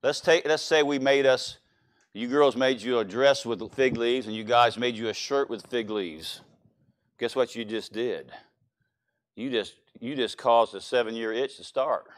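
A man with a Louisiana accent preaching a sermon in a church, animated and quizzing the congregation with questions. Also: mid-range voice, a little slow.

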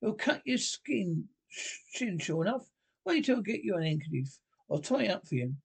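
A man puts on a brisk, excitable water rat from a storybook, pitched a little above his own voice, with a gravelly, husky edge. The rat scolds and hurries his friend along in an impatient, energetic way. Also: full character voice. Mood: kindly.

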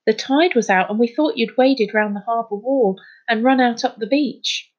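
A woman voicing a thoughtful, caring schoolgirl who speaks softly and earnestly, in a storybook reading. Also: moderate pace, dull audio, lightly acted. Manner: soft and earnest, shrill when alarmed.

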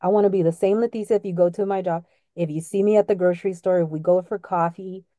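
A woman's voice: on the low side, fairly even intonation, fast, mellow, no room sound. A middle-aged woman co-hosting a podcast, talking openly and emotionally in a casual chat, laughing often. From Latino family background. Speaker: podcast co-host. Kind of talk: casual heartfelt conversation.

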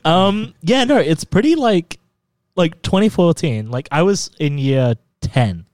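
A man's voice: a little high, animated, unhurried, darkish tone, dry recording, studio quality. A young man chatting casually about movies, rambling and giggly, often going off on tangents. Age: young adult.

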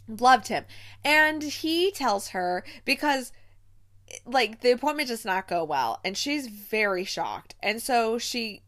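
A woman hosting a casual movie recap, chatty and animated, with exaggerated outbursts. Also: on the high side, measured pace. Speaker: movie review host.

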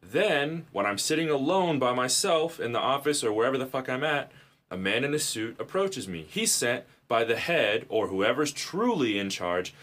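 A man co-hosting a podcast, telling stories in casual chat with lots of profanity and animated turns. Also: mid-range voice, moderate pace. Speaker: podcast co-host.

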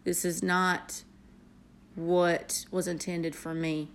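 A woman's voice: lowish voice, flat delivery, slight background noise. A young woman with a Southern US accent, an earnest nurse speaking to her viewers in a motivational vlog. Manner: earnest, heartfelt, with pauses and fillers. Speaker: nurse vlogger.

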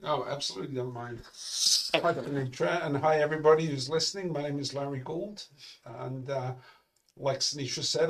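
A man's voice: a little high, creaky. Older English man, dry humor. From London, England. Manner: dry, self-deprecating humor. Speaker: podcast guest. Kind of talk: casual interview.

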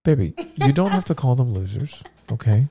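A man's voice: mid-range voice, big pitch swings, brisk, gravelly, warm tone, a little hiss or hum. Sick man hosting a casual podcast. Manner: joking, rambling, self-interrupting. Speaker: podcast host. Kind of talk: casual podcast chat and reading research.

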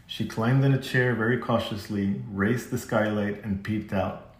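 A man narrating a children's classic as an audiobook in a steady, measured way. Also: fairly low pitch. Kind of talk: scripted narration. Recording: echoey room.

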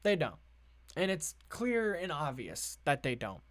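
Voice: medium pitch, very animated, measured pace. Profane sarcastic commentator ranting over news stories. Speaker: political commentator.

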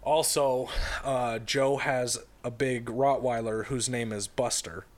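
A man's voice: medium pitch, fairly even intonation, slow. A man casually retelling a story in a podcast chat, rambling, with lots of fillers and restarts.

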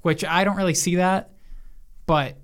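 A woman's voice: on the low side, fairly even intonation, measured pace. A woman co-hosting a podcast, chatting casually in a dry, matter-of-fact way and explaining her points. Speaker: podcast co-host. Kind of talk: casual chat.

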